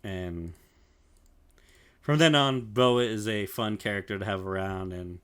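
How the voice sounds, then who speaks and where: Relaxed lower-voiced male podcast co-host, swears and laughs freely, dry close sound. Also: measured pace, smooth, no room sound. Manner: loose and profane, laughs often, many fillers. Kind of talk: casual chat, recapping an anime.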